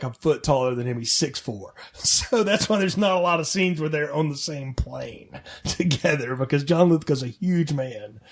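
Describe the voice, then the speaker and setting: A man co-hosting a film podcast, chatting casually and jokingly acting out characters' lines. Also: a little high. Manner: animated, jokey, acts out characters' lines. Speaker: podcast co-host. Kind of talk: casual film-review chat.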